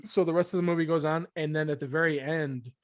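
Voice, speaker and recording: A man's voice: on the high side, steady tone, quick pace, dry recording, studio quality. A young man co-hosting a podcast, chatting casually and jokingly acting out what people said. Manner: jokey, acts out quoted voices. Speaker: podcast co-host. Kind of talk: casual banter.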